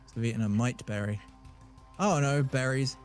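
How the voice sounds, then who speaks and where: A man's voice: medium pitch, moderate pace, faint music behind. A man from southern England with a southern English accent, streaming a game and telling rambling, jokey stories in casual chat.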